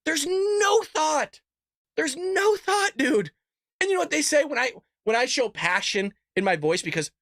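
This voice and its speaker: A man's voice: no echo, studio quality. A man hosting a live political commentary stream, ranting heatedly with profanity and mock voices. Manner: heated, profane ranting that swings loud and high. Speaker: political commentary show host.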